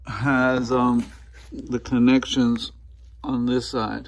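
In a garage workshop, a mechanic walks through an engine swap in casual narration full of ums and uhs. His mid-range voice is flat, slow, and has vocal fry.

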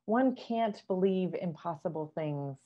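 A woman voicing a wistful, doubtful young girl from a storybook in a gentle reading voice. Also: lowish voice, lively intonation, measured pace, muffled recording.

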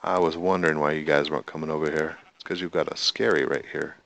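Slow, low, gravelly man narrating gameplay. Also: steady tone, a bit bright. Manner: chatty, talks to himself and counts aloud; talks to the in-game animals. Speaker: gameplay video host. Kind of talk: casual gameplay commentary.

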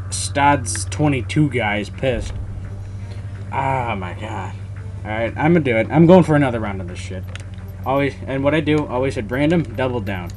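A young man giving live commentary on his own gameplay, muttering one moment and yelling curses the next. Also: medium pitch, a little hiss or hum. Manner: swings from muttering to loud swearing rage. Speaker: gamer recording his match.

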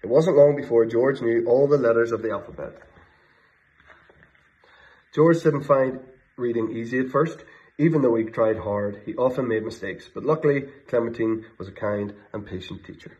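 Gentle male storyteller at a middle pitch, expressive bedtime-story reading; lo-fi home video audio. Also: normal speed. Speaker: storybook reader. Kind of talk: reading a children's book aloud. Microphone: phone or camera video. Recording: slightly muffled lo-fi sound.

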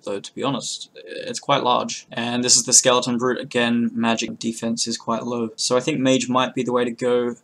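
A young man giving casual, chatty gameplay commentary as a channel host, swearing freely and breaking into loud bursts of excitement. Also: medium pitch, a little hiss or hum.

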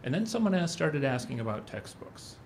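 A man's voice: mid-range voice, big pitch swings, brisk, slight background noise. Middle-aged man telling a rambling story. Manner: rambling storyteller who acts out quotes. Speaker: conference speaker. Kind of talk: anecdotal conference talk.

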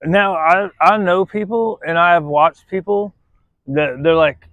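A male dog trainer giving casual, on-the-spot commentary while he works a dog, blunt and quick to swear, tagging his points with "right?" and switching to a high coaxing voice for the dog. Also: dry recording, phone-quality sound. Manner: blunt, tags sentences with "right?", swears freely; coaxes the dog in a much higher voice between explanations. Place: outdoors at a playground jungle gym.

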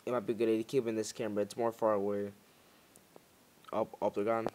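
A man's voice: on the low side, level tone, quick pace, a little mellow, a little hiss or hum. Jumpy young man playing a horror game. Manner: jumpy, muttering, bursts into panicked yelps. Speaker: gaming YouTuber. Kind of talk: horror game let's play commentary.

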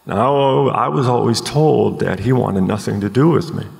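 A man in his forties earnestly telling his life story as a podcast guest, halting with many ums, recorded live at a conference. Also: on the low side, vocal fry, darkish tone, long reverb tail.

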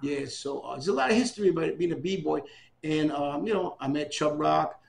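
At a normal pace and in a slightly high, gravelly voice, an older man from New York City recounts his stories for an oral history interview. Slight background noise accompanies his animated impressions of the people he quotes.

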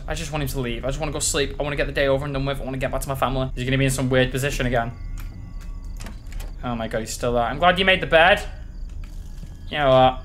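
Male let's play host, jittery and foul-mouthed, average pitch. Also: steady tone, fast, pauses often, pushed and bright, faint music behind. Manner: jumpy, swears a lot, panicky reactions. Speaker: gaming channel host. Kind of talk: horror game let's play commentary.

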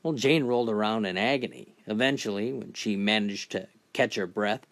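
A man telling a string of crude jokes in a steady, scripted narration voice. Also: lowish voice, moderate pace, few pauses. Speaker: joke teller.

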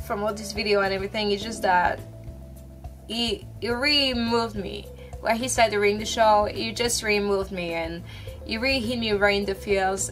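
A young woman talking to camera from her room in a casual, emotional vlog, halting with restarts and fillers. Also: mid-range voice, fairly bright tone. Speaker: vlogger.

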